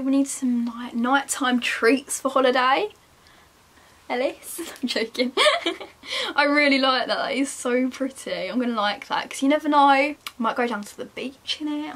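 A woman's voice: fairly high pitch, a bit bright. A young woman, chatting casually to herself and her viewers while browsing online shops, self-mocking and talkative. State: chilly, wrapped in a jacket. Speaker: vlogger. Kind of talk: casual shopping vlog chat.

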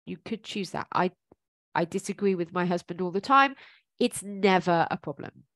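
A woman's voice: on the low side, animated, normal speed, a bit bright, no room sound. A woman giving informal coaching advice, chatty and encouraging, thinking aloud with plenty of ums. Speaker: life coach.

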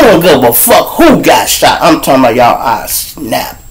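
A man hosting his own show, telling profane street stories in an animated way. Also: medium pitch, moderate pace, few pauses, faint music behind, rough recording. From Chicago. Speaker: show host. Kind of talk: storytelling monologue.

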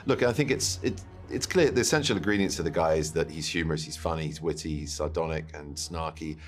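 A man, an actor, answering questions in a press interview in an articulate, measured and thoughtful way. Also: extremely low pitch, soft background music.

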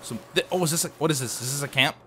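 A man's voice: on the high side, racing, background noise. A man in his thirties giving casual, playful gameplay commentary with joking asides. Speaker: let's play host.

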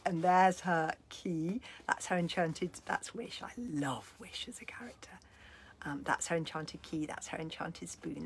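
Very breathy woman reading aloud dramatically. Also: on the low side. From London, England. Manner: dramatic, swings from loud to whispered. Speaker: children's author. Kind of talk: reading aloud and answering questions. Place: home, indoors. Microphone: video call.

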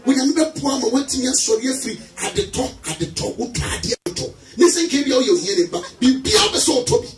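A man with a Ghanaian accent preaching an emphatic sermon, calling for amens and shouting. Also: very high-pitched, sing-song, brisk, hardly any pauses. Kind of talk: sermon mixing English and Twi. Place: church hall with congregation. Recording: roomy, far from mic, music and crowd. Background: music and congregation.

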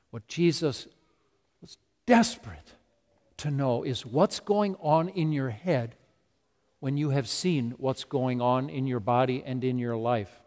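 Pastor guy preaching hard, repeats himself, highish voice, long hall echo. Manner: emphatic, repetitive preaching. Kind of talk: sermon. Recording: long reverb of a large hall.

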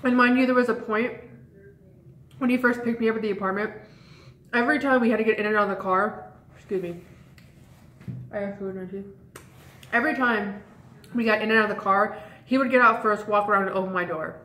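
A woman's voice: mid-range voice, steady tone, brisk, pauses often, a bit bright. Young woman vlogging a storytime, rambly, says like a lot, roomy echo around her. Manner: chatty, rambling, lots of "like" and "um". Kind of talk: casual storytime chat. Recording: echoey room.

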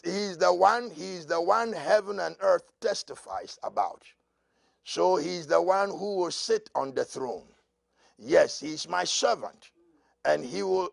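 A man preaching a prophetic sermon as pastor, dropping to a murmur and then rising to loud shouts, with laughs between lines. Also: sits high, gravelly, dry recording, clean studio sound.

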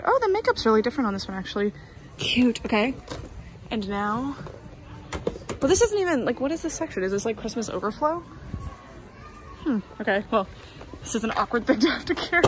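A young woman, gushing excitedly in a casual doll-collecting vlog. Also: fairly high pitch, moderate pace, pauses often. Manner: excitable and gushing, with frequent exclamations. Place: busy retail store, indoors.

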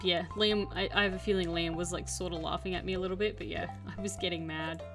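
A woman's voice: on the low side, fairly even intonation, quick pace, over music. A young woman chatting casually while streaming a game, telling an exasperated story. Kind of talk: casual gameplay chat.

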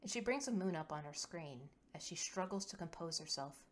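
A woman's voice: fairly low pitch, expressive, fairly quick. A woman narrating a tabletop game story in an earnest, detailed way.

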